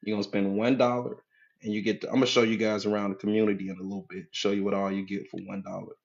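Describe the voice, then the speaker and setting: A man with a fairly low voice talks casually to viewers on a live stream, greeting them by name and repeating his points for emphasis. He coaches on mindset and pitches his community. The audio sounds dull and lo-fi. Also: level tone, rapid-fire, gravelly.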